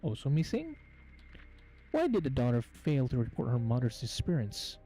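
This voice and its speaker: A man's voice: mid-range voice, wildly swooping pitch, normal speed, dark tone, soft background music, rough recording. A man hosting gameplay commentary, reading on-screen game text aloud and stumbling over words as he goes. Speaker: gaming channel host.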